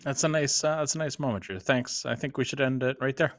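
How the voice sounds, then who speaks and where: A man co-hosting a sports podcast, telling a story in a casual, halting way. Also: medium pitch, steady tone, a bit bright, no room sound. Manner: hesitant, many restarts and fillers. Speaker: podcast co-host.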